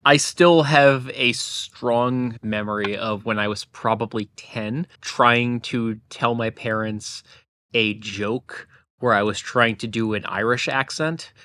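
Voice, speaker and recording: A man's voice: medium pitch, fairly even intonation, slow, bright, forceful tone, no room sound. A man in casual chat among tabletop players, telling a story in an easygoing way.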